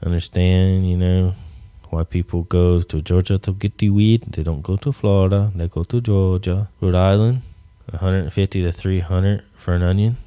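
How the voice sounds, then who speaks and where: Male podcast host, smooth voice, dry close sound, loose profane rambling rant. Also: sits low, fairly even intonation, moderate pace, mellow, dry recording. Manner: rambling, profane, jokey asides. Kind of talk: casual solo rant.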